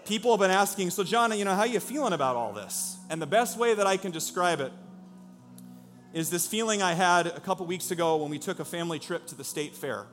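A man's voice: sits high, animated, a little fast, a bit bright, soft background music. A man preaching a sermon as pastor, with an emphatic, repetitive preaching cadence. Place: church in a former car dealership.

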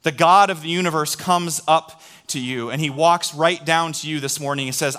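A middle-aged male pastor preaching a sermon, telling stories in an animated way and drawing in the congregation. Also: a little high, normal speed, hardly any pauses, clear, resonant tone.

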